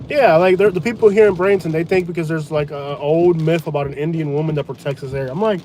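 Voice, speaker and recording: A man vlogging live from inside a truck during a hurricane, talking in a blunt, mocking, excitable way. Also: a little high, quick pace, few pauses. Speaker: storm-chasing vlogger. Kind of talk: live storm commentary. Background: rain and wind.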